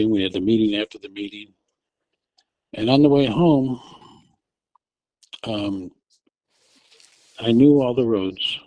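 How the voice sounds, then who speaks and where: A man's voice: lowish voice, no room sound, poor audio. Man telling a gripping personal story. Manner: restarts often, raises his voice when retelling his shouts. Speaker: interview guest telling his testimony. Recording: audio only.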